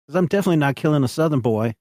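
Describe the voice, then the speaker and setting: A man's voice: fairly high pitch, expressive, racing, darkish tone, dry recording, studio quality, pitched above the performer's own voice, natural voice. A man voicing a patriotic male operative from the Southern US, talking folksy and emphatic. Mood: defiant.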